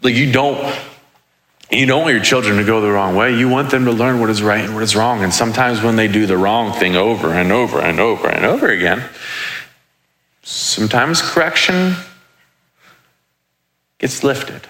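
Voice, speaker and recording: Young male preacher, casual and joking, bright forceful tone, lowish voice, echoey hall. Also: expressive, moderate pace, long pauses, slight background noise. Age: 20s. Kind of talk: sermon with personal stories.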